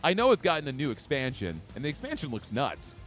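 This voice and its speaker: A man's voice: mid-range voice, wildly swooping pitch, fast talker, a bit bright, soft background music. A man live-streaming a video game, chatting with his viewers and reacting to play. He talks in a chatty way, reads chat aloud, laughs often and has hiccups. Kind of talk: live gameplay commentary.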